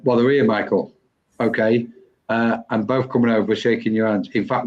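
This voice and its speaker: A man hosting a live online session and giving a psychic mediumship reading, pausing often and restarting as he searches for words. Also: mid-range voice, a little mellow. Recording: dull lo-fi online stream.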